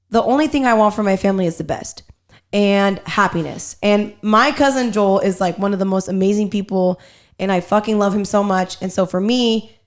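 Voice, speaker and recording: A young woman hosting a podcast, telling a family story in a casual, animated way and swearing freely. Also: mid-range voice. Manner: animated, profane storyteller, quotes herself and others. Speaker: podcast host.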